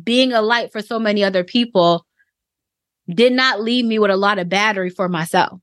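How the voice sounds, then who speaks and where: A woman in her thirties telling a personal story on a podcast, reflective and halting, with many fillers. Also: medium pitch, a bit bright, dry recording, studio quality.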